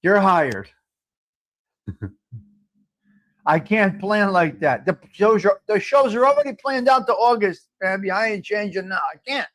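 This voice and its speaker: A man's voice: high-pitched, animated, a little slow, long pauses, fairly bright tone. A middle-aged man, hosting a live coffee chat stream and talking bluntly to viewers, joking and swearing freely.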